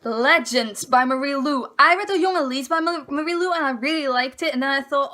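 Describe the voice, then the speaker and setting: Young woman book vlogger, high voice, ranting and exasperated, casual monologue. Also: normal speed, bright, forceful tone. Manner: exasperated, ranting, dramatic sighs.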